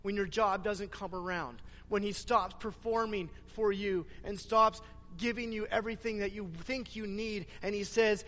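A man preaching a sermon, retelling scripture in an animated way and pressing the listeners with questions. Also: high-pitched, normal speed, few pauses, big-room sound. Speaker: pastor.

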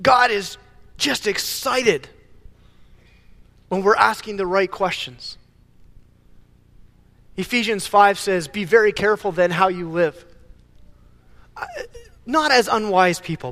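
A man preaching a sermon as pastor, animated, often stumbling and repeating words as he builds a point. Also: high-pitched, a little slow, long pauses, in a large hall.

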